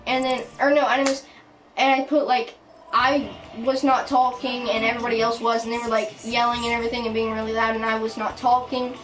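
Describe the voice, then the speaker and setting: A woman with a slightly raised pitch rambles through a storytime rant, stumbling over restarts and fillers. She sounds indignant throughout. The voice sits a little far from the mic, with clear background music underneath. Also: flat delivery, a little fast, fairly bright tone. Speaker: storytime vlogger.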